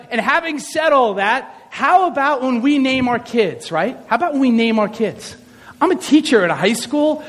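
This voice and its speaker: A man giving an animated, joking sermon, acting out scenes as he tells stories, in a reverberant hall. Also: very high voice. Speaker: speaker, high school teacher. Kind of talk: sermon with comic storytelling.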